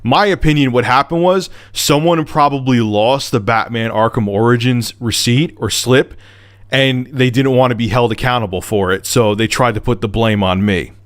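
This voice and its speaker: Vlogger, male, exasperated and cussing, mid-pitched, storytelling rant. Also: normal speed, no echo, clean studio sound. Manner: heated, profane, exasperated. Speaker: video blogger. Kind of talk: angry storytelling rant to camera.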